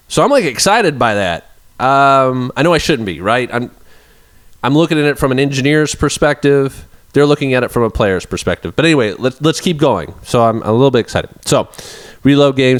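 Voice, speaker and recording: A young man, an indie game developer, chatting in a casual vlog, animated and self-mocking as he reads reviews aloud. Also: fairly high pitch.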